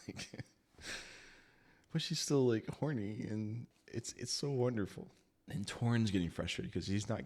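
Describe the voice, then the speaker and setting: A man casually reviewing a book, chatty and laughing often as he talks. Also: deep voice.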